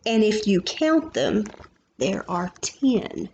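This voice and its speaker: A woman reading a picture book aloud to young children as their preschool teacher, in a gentle manner, stopping to ask questions and point out the pictures. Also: mid-range voice, lively intonation, slow pace, highs cut off, a little hiss or hum.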